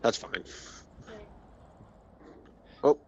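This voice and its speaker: A man's voice: drawn-out words, mellow, lo-fi sound, a little hiss or hum. A man chatting in an easygoing way with teammates from a playroom at home during an online game. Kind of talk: casual gaming chat.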